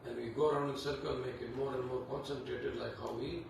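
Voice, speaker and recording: A man leading a devotional scripture class, talking in an unhurried, conversational way with many fillers. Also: medium pitch, steady tone, gravelly. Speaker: Bhagavatam class teacher. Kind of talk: devotional class talk with Sanskrit chanting. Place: temple hall. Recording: echoey hall, distant mic, background noise.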